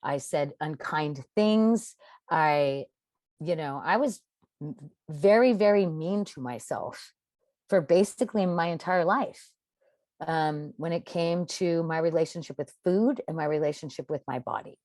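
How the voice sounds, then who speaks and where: Middle-aged woman, low voice, emphatic and confessional, dry close sound. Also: a little slow, darkish tone, dry recording. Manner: emphatic, confessional, dramatic stresses. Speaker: podcast guest. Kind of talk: personal story in a podcast interview.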